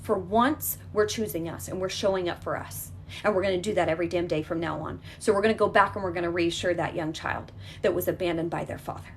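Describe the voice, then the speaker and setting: A woman's voice: lowish voice, fast, slight background noise. A woman leading a guided healing exercise, talking in an emphatic, repetitive coaching manner that is reassuring and direct.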